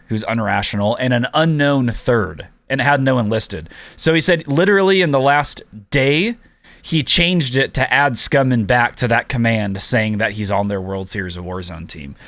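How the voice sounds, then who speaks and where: Laid-back podcast co-host, low dry voice. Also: male voice, expressive, normal speed, a bit bright, no room sound. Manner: laid-back storyteller who acts out quotes. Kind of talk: casual podcast chat.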